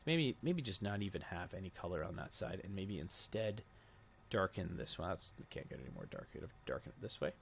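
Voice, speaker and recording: A young adult man giving a casual screen-recorded software tutorial, thinking aloud as he clicks through settings. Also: sits low, lively intonation, fairly quick, gravelly, a little hiss or hum. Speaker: web design tutor.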